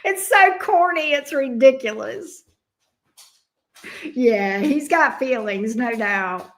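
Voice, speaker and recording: A middle-aged tarot reader hosts a livestream, chatting playfully and casually with viewers and laughing often. Her high voice has lively intonation, and she takes her time.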